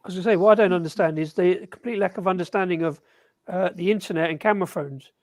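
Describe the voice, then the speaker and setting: A man's voice: high-pitched, quick pace, no echo. A man chatting casually on a live stream, hesitant and stumbling over his words.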